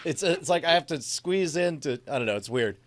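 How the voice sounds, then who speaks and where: A man co-hosting a casual podcast, talking in a rambling, self-deprecating way with lots of halting restarts. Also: fairly high pitch, lively intonation. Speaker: co-host.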